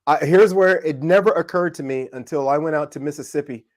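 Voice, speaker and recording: A man from California telling a story in a casual live discussion, animated and acting out voices. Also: a little high, a little fast. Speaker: co-host.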